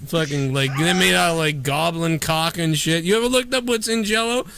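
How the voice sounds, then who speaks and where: A man's voice: fairly high pitch, normal speed, vocal fry, over a noisy crowd. A man hosting a live call-in stream, rambling through crude, profane jokes in casual banter. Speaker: live stream show host.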